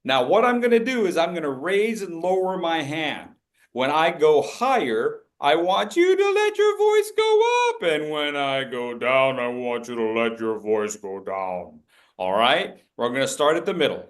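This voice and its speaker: A man presenting a public speaking workshop, joking with the audience and leading group drills. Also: on the high side. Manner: playful, jokey, leads group drills.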